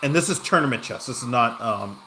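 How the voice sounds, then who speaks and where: A man's voice: mid-range voice, animated, a little fast, pushed and bright, slight background noise. A man chatting casually on a livestream, telling a rambling story full of fillers and restarts while reacting to his game. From Southern California. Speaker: game streamer.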